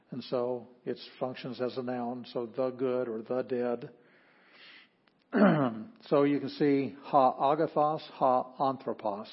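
Man, teacher, classroom lecture, patient, halting, slightly husky, muffled recording. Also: mid-range voice. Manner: patient, explanatory, halting with fillers.

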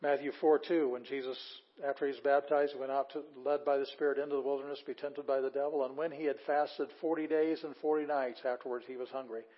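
A man's voice: medium pitch, little pitch movement, fast, few pauses. Man teaching Greek in a casual lecture. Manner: explains Bible verses word by word, reads quotes aloud; casual with fillers, enthusiastic asides. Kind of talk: classroom lecture. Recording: slightly dull lo-fi audio.

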